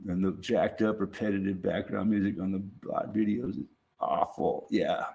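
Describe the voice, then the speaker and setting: Rambling, cursing low-voiced man. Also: fairly even intonation, gravelly, darkish tone, a little hiss or hum. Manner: rambling, profane, halting restarts. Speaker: streamer. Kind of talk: casual rambling monologue.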